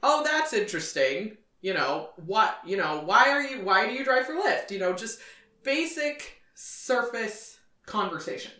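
A woman's voice: fairly high pitch, big pitch swings, measured pace, sharp tone, distant mic. A woman co-hosting a podcast, giving her opinions in casual, chatty talk. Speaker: podcast co-host. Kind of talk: casual chat. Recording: echoey room, off-mic.

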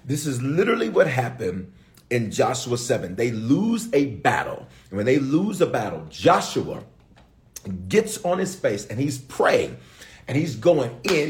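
A middle-aged man preaching a sermon as a bishop, animated and playful, calling out to his listeners. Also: medium pitch, a little slow. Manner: animated, call-and-response preaching with playful asides.

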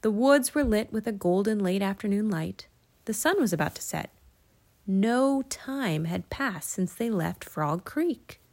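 Lively-voiced woman reading a children's story. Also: mid-range voice, a little slow. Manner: expressive, lilting storytelling. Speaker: audiobook narrator.

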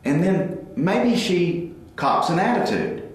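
A man in his forties giving a faith-based parenting talk, animated and acting out family dialogues. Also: sits high, takes it slowly. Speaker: parenting speaker. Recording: very echoey room.

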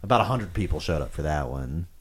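Animated young man telling party stories. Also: extremely low pitch, quick pace, slight background noise. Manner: animated, swearing, acts out quotes. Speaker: podcast co-host. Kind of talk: casual storytelling chat.

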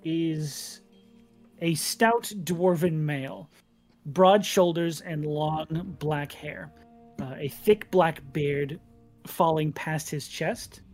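A man running a tabletop role-playing game as game master, describing scenes in an unhurried, detailed way. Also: a little high, soft background music.

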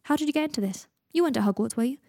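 A woman's voice: high-pitched, rapid-fire, vocal fry, mellow, dry recording, studio quality, pitched above the performer's own voice. Woman reading as Harry, a blunt young wizard. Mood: curious. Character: earnest, gruff young wizard man.

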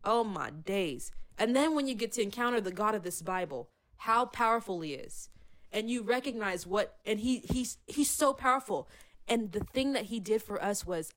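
A woman's voice: mid-range voice, expressive, normal speed. Fervent woman talking about faith. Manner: fervent, emotional, acts out God's words softly. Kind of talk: casual faith chat.

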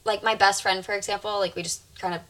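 Young woman guest, bright and forceful tone, casual chatty delivery, frequent laughs. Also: medium pitch, fairly even intonation, quick pace. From Alabama, USA. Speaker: podcast guest. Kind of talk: casual chat.

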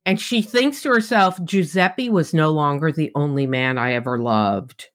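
A woman with a fairly low voice recaps a novel for a book podcast. She talks casually and animatedly, slipping into the characters' lines, and is blunt and profane. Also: unhurried, few pauses. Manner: animated retelling, acts out quotes, candid and profane.

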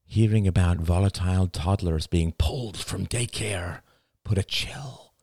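A man reading a novel aloud as an audiobook, with expressive, dramatic storytelling. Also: deep voice, unhurried, vocal fry, slightly rough, no room sound, studio quality. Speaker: audiobook narrator. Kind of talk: scripted audiobook narration.

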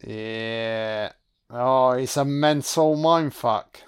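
Profane, slow-talking male film commentator. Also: mid-range voice, clean tone. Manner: profane, excitable running reactions. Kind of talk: audio-only film commentary.

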